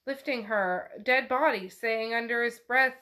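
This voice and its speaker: Woman podcast host, slow, bright, casual book-recap delivery, swears freely. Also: fairly high pitch. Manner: chatty, swears, "he's like" retelling.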